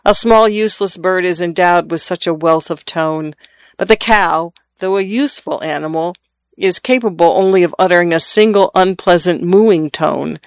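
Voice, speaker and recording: A reader voicing a skeptical old father who grumbles and philosophizes, in a smooth, dry voice. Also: mid-range voice, moderate pace, dry recording, natural voice. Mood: musing. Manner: wry, philosophizing, growls.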